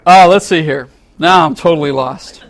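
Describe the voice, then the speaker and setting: A man with a fairly high voice preaches to a congregation, spinning a story with animated, playful energy. He acts out angry lines and chuckles along with his listeners. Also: moderate pace. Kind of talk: sermon with storytelling.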